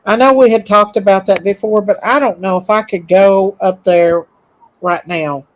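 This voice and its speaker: A woman's voice: mid-range voice, fairly even intonation, normal speed, lo-fi sound. Woman host, easygoing chat, mid voice, friendly listener. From Eastern Kentucky. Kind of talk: casual chat.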